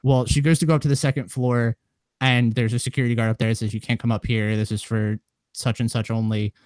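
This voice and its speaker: A man co-hosting a casual chat show, telling long, rambling stories with lively energy. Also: medium pitch, quick pace, no echo. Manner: rambling animated storyteller.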